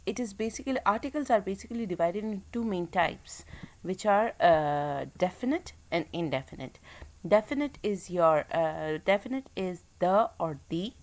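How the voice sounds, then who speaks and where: A woman teacher giving a recorded English grammar lecture, explaining step by step with frequent pauses and fillers. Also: mid-range voice, lively intonation. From Pakistan.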